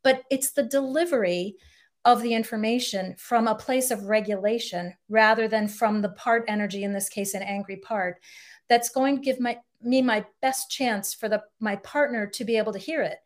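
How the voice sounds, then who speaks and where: A woman's voice: fairly high pitch, normal speed. A middle-aged woman, a couples therapist, explaining ideas in a podcast interview and acting out example quotes.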